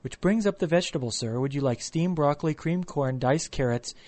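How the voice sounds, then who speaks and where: A man's voice: on the high side, fairly quick, a little mellow, natural voice. A man doing a relentlessly polite young waiter. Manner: unflappably polite, rattling off options.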